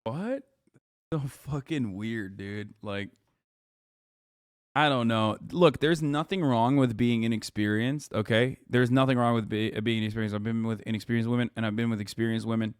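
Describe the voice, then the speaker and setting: A male streamer rants at a clip with heavy swearing and open disbelief. His voice sits in a middle pitch range. The sound is dry and close. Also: moderate pace, clear, resonant tone, dry recording. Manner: incredulous, profane ranting. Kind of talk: live-stream reaction commentary.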